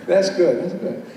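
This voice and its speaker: In a big college event hall, an older man whose voice runs a little high gives a playful live poetry reading, moving between Spanish and English, flaring up with bursts of excitement and getting the crowd to answer back. The sound is distant and echoey, with audience ambience and some light background noise.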